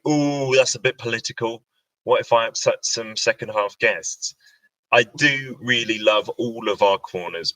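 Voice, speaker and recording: A man's voice: on the low side, sharp tone, dry recording, rough recording. A man hosting a casual livestream, chatty and reading out viewer questions. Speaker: radio host. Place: indoor home livestream.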